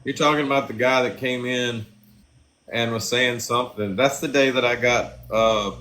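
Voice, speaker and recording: A man's voice: medium pitch, fairly even intonation, moderate pace, pushed and bright. A man in a casual livestream chat, telling stories in a laid-back, profane way.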